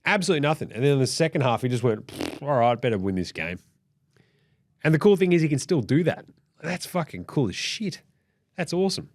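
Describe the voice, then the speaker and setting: A man's voice: fairly high pitch, fast. A man hosting a casual, sweary sports recap. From Australia. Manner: sweary, blunt, animated. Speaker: host.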